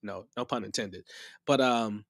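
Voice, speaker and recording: A man with a lowish voice talks a little slowly in a dry, clean studio recording. He hosts a live music-production tutorial stream, a bit under the weather, and his casual, chatty rambling is marked by frequent restarts.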